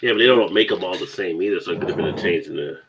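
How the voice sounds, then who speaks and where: A man's voice: low-pitched, rapid-fire, noisy background. A man joking and teasing his friends in a casual drinking chat. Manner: joking, teasing, laughs often.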